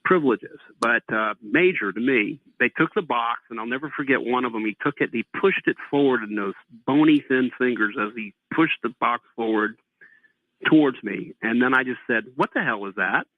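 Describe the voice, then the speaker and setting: The caller's voice is medium-pitched and moderately paced with no echo as he relates his long abduction story to the host. He acts out the lines he recalls, and the phone line sounds tinny.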